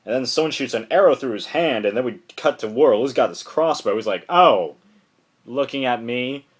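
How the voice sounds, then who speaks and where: A man excitedly recapping a comic book issue in a casual, rambling way, full of "like" and restarts. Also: medium pitch, fast talker, slightly rough. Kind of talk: casual enthusiastic plot recap.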